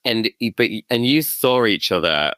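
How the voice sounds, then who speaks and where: A man's voice: lowish voice, expressive, moderate pace, bright, forceful tone, dry recording. A British man hosting an interview, encouraging his guest with short replies and follow-up questions. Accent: British English. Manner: encouraging, brief backchannels. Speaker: podcast host.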